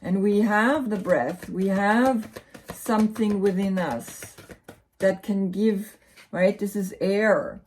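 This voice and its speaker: German-accented lady doing a tarot reading, talks slow and loose, keeps saying right?. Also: medium pitch, darkish tone, breathy edge. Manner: rambling, repeats words, often asks "right?". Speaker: tarot reader. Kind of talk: casual spoken tarot reading.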